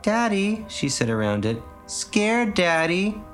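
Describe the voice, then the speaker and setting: A man's voice: high voice, big pitch swings, takes it slowly, fairly bright tone, faint music behind, voice pushed up, heavily acted. A man voicing a tiny girl who is secretly sardonic and clever, with a small, wary voice. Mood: babyish.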